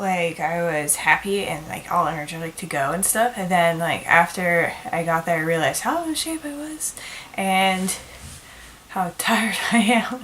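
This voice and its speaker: A woman's voice: on the low side, fairly bright tone, slight background noise. A woman vlogging in a casual chat, talking in a chatty, filler-heavy way and venting her frustration.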